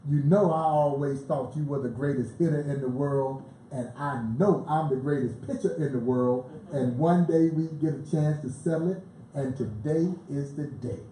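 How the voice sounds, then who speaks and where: A boastful, showboating ballplayer with a drawl, as a man puts him on while telling a story. The voice sits a little high and mellow. It rings out in an echoey live venue with a faint hum behind it. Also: fairly even intonation, normal speed, close to an everyday voice. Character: cocky, showboating veteran ballplayer, a grown man.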